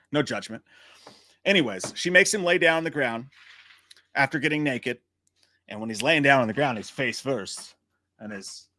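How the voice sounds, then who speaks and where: A man hosting a live chat about a movie, animated and profane, joking at his own expense. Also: medium pitch. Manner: animated, profane, self-mocking jokes. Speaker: livestream host.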